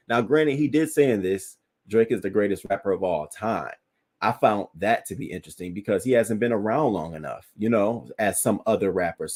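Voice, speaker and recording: A man's voice: on the low side, a little mellow. A man hosting a livestream, giving casual, blunt celebrity news commentary and talking straight to his viewers with plenty of profanity. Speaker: livestream host reading viewer chat.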